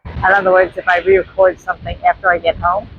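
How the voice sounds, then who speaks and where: This vlogger, New York-accented, chats to her viewers like friends as she films a beach walk on a handheld phone in the wind. Her lowish voice is flat and fast, the audio dull, and faint surf and wind sit in the background.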